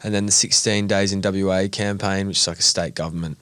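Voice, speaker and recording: Deep-voiced Australian man, reflective. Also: fairly even intonation, fairly bright tone, dry recording. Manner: reflective, slow and searching. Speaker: podcast co-host. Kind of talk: casual podcast conversation.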